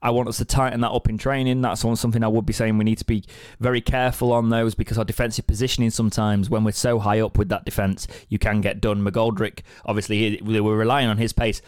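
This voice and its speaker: A man from England hosting a football podcast, relaxed and conversational as he leads the talk. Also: fairly low pitch, fast talker, few pauses, smooth, no room sound, studio quality. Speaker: podcast host. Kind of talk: casual football podcast chat.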